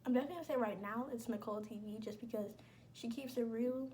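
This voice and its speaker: Young woman, casual vlog chat, blunt and emphatic, slightly high pitch, warm mellow tone. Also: fast talker, a little hiss or hum. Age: young adult. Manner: chatty, blunt, slangy and emphatic. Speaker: vlogger.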